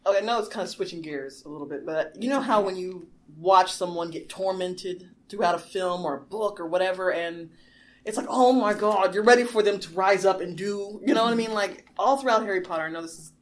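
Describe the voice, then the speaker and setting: Podcast co-host, female, mid pitch, animated storyteller. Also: brisk. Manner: animated storyteller, acts out quotes. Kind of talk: casual movie discussion.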